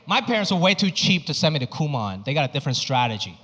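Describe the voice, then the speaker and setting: A male stand-up comedian performing a set on a comedy club stage, animated and exaggerated, and he swears freely. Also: on the high side, quick pace. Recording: reverberant club with audience noise.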